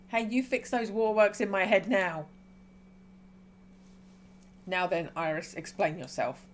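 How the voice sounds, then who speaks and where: A female streamer reads a game's dialogue aloud at a medium pitch, unhurried and pausing often, breaking into excited squeals between the calmer stretches of reading.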